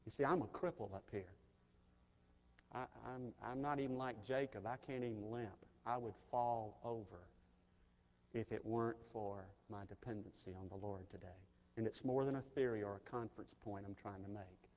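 A middle-aged pastor from Mississippi, preaching an earnest, personal sermon that swells in intensity. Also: male voice, on the low side, moderate pace, a little mellow, dull audio. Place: large chapel. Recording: chapel recording with long reverb.

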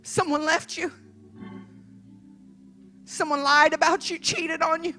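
A woman evangelist preaching a sermon as a dramatic story, swinging from hushed telling to emphatic shouting. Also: very high voice, steady tone, slow, soft background music.

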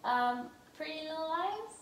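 A woman's voice: high-pitched, expressive, unhurried, a bit bright, slight background noise. A woman guessing through a family party game at home, hesitant and laughing, recorded from across a room. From South Africa. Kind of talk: casual family game chat. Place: home room indoors at night. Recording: roomy, distant home recording.

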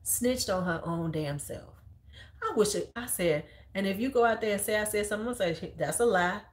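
A woman in her forties with a Chicago accent, a high school teacher telling stories in a blunt, profane and animated casual chat, acting out the people she quotes. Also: a little fast. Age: 40s.

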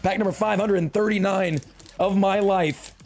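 Young dude hyping card packs to chat, gravelly and kinda raspy, jokey slangy vibe. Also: male voice, high voice, steady tone, normal speed, a little mellow, soft background music. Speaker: streamer opening trading card packs. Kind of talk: excited casual live-stream chat.

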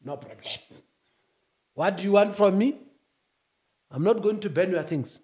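A man speaking as a union-leader guest, emphatic, rising to shouts and then dropping low. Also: animated, a little slow. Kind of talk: animated interview talk.

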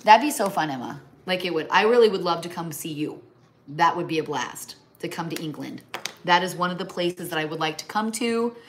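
A middle-aged Midwestern woman chats on a home livestream while her hands are busy with a craft. Her voice sits on the low side, and she rambles and trails off into asides. A faint hum of room noise stays under her speech. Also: animated, brisk. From American Midwest. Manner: chatty, rambling, talks to her pets mid-sentence. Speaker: livestream host. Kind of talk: casual chat while crafting. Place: home kitchen or craft table.

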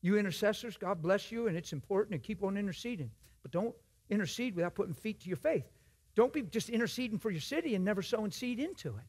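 A man preaching in a church, his voice a touch husky and pitched a bit high for a man. He talks in a folksy, emphatic way, rising to loud exhortation and then dropping to hushed, confiding asides. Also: expressive, fast. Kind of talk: sermon.

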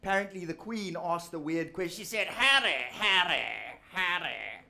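A man's voice: high voice, expressive, moderate pace, gravelly, sharp tone, pitched below the performer's own voice, exaggerated voice. A man voicing a cheeky South African puppet comic. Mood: cheeky roasting. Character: brash cheeky male puppet comedian. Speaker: ventriloquist stand-up comic. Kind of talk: live stand-up comedy.

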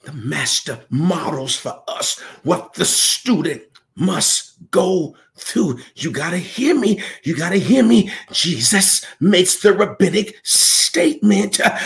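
Gravelly, impassioned male preacher. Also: sits high, animated, slow pace, a bit bright. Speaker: pastor. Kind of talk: Pentecostal-style preaching.

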